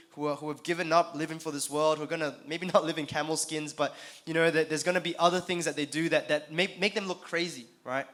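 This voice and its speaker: A man's voice: on the high side, a bit bright. A man in his thirties preaching casually to a youth conference, talking to the crowd with questions and repeated phrases. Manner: conversational, asks the audience questions, repeats phrases. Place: conference hall.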